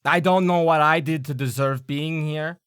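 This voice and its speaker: A man voicing a weary, stone-faced female gnome student who speaks flatly. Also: a little high, moderate pace, clean tone, no room sound, clean studio sound, voice pushed up, lightly acted. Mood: deadpan. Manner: flat, deadpan, curt.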